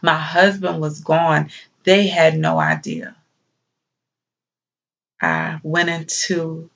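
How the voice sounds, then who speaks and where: A woman performing a dramatic biblical monologue as a grieving young wife and mother who talks slowly, softly and tearfully. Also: low-pitched, creaky, full character voice. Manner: slow, soft-spoken, tearful. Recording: dull lo-fi recording.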